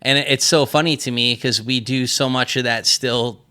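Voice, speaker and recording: A man's voice: medium pitch, steady tone, normal speed, sharp tone. A man hosting a podcast in casual conversation, rambling and self-deprecating, often laughing at himself. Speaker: podcast host.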